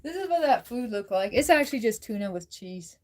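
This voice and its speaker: A woman's voice: medium pitch, lively intonation, brisk. A worn-out woman hosting a casual livestream chat, laughing often and answering viewers' comments. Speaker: livestream host.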